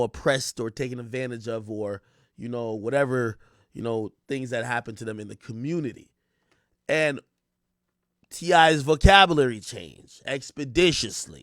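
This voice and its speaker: A male streamer talks loosely over the clips he plays, trailing off and picking his thread back up. The mic sits close in a dry, dead room. His pitch stays in an ordinary middle range. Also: fairly bright tone, no echo. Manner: rambling, restarts, drifts off-mic while searching. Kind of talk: casual live-stream commentary.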